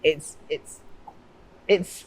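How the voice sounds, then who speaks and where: A British woman, a pro wrestler, chatting casually in an interview and acting out quoted exchanges in a lively way. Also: very slow. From Britain. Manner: animated, acts out quoted exchanges in a higher voice.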